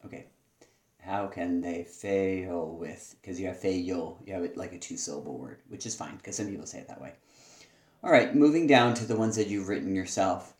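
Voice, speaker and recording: A male teacher gives spoken feedback on student writing. He sounds thoughtful and hesitant, with frequent pauses. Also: sits low, reverberant.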